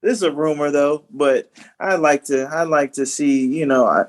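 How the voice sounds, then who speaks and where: Man, young adult, slightly high voice, easygoing, chuckling, casual podcast co-host. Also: moderate pace. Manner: easygoing, chuckles between lines. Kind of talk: casual chat.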